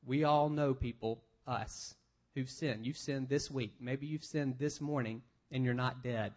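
A man's voice: medium pitch, fairly even intonation, a little slow, a little mellow. A man, a pastor, preaching a conversational sermon, reading scripture aloud and explaining it with everyday examples.

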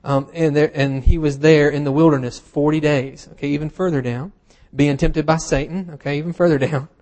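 A man preaching a sermon in a relaxed, conversational way, with wry humorous asides and plenty of fillers. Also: a little high, a little fast. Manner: casual and self-deprecating, with humorous asides and frequent fillers.

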